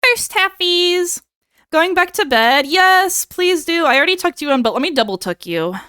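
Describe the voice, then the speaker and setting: Playful young woman streamer, high bouncy voice, dry close sound. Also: lively intonation, brisk, a bit bright, no room sound. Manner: playful, dramatic begging bits. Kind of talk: casual live-stream chat with viewers.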